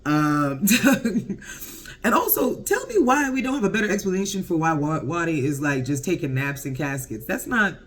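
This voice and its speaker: Animated man, higher voice, recapping TV. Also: normal speed. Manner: animated, profane, laughs often. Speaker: TV show reviewer. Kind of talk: casual TV episode recap.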